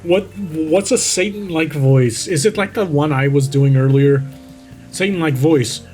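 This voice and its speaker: A man's voice: fairly high pitch, measured pace, darkish tone, faint music behind. A man reading a creepypasta aloud and breaking off to mock it with sarcastic commentary, close to the mic. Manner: sarcastic, interrupts the story to make fun of it.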